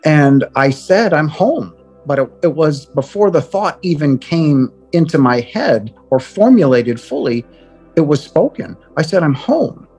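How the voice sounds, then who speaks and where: A middle-aged man earnestly telling of his near-death experience, often halting and repeating words as he goes. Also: a little high, lively intonation, darkish tone, husky, soft background music. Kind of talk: personal testimony.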